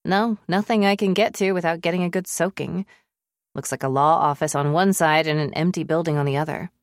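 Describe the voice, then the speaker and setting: A woman's voice: fairly low pitch, a little fast, no room sound, studio quality, close to an everyday voice. A woman voicing a wry, skeptical young woman. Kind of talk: audiobook character voice.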